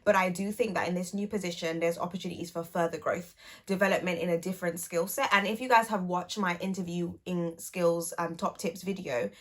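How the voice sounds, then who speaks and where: A woman's voice: lowish voice, fairly even intonation, a little fast. A woman in her twenties talking to camera in a casual vlog catch-up, chatty and playful, teasing herself as she goes. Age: 20s. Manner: chatty, playful and self-teasing, with light laughs. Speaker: YouTuber and speech and language therapist.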